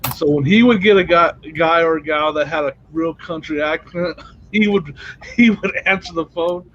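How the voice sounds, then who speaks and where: A man's voice: a little high, normal speed, fairly bright tone, highs cut off, a little hiss or hum. A man co-hosting a casual livestream, telling stories and laughing as he talks. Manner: storytelling, laughs mid-sentence. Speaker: reseller and livestream co-host. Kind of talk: casual chat.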